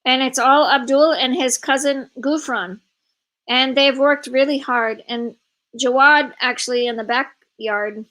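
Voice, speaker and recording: A woman hosting a live online event, telling a travel story in a casual, animated way over a video call. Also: sits high, low-quality recording. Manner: animated, quick bursts of storytelling with laughs.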